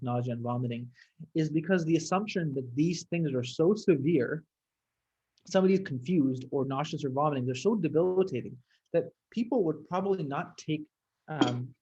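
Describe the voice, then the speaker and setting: Husky chatty man hosting a video call. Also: on the high side, highs cut off. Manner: chatty, lively, thinks aloud with fillers. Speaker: host of a clinical case conference. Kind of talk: casual, talkative teaching.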